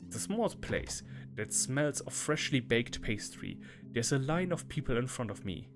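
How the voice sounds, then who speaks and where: A man hosting a let's play, reading game text aloud and breaking into loud, laughing asides. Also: mid-range voice, normal speed. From Germany. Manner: laughs often, bursts into loud playful reactions between calm read-outs. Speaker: gaming channel host. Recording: game music clearly behind the voice.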